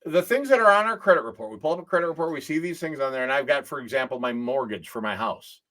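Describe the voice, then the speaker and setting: Male host, pirate-themed finance show, animated pitch, playful delivery. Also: fast. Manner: playful, lively, reacts with disbelief.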